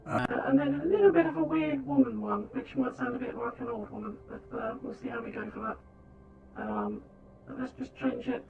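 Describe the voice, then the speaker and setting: A man's voice: very high-pitched, very animated, moderate pace, vocal fry, long pauses, distant mic, voice pushed up, full character voice. A man talking through a voice changer preset that makes him sound like a weird old woman. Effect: voice changer female filter. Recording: tinny phone-like filtered sound, faint noise.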